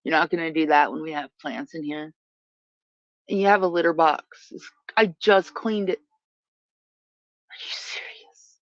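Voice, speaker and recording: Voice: medium pitch, fairly even intonation, moderate pace, a bit bright, no room sound, lo-fi sound. A livestream host chatting casually outdoors in a yard, rambling and often trailing off mid-thought, recorded on a phone. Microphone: phone camera.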